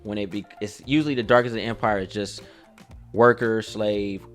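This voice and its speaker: A man's voice: on the low side, steady tone, moderate pace, faint music behind. A man hosting a casual reaction show, hyped and playful at the start, then reflective, with many restarts. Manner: loud playful hype with sound effects, then reflective. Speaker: reaction channel host.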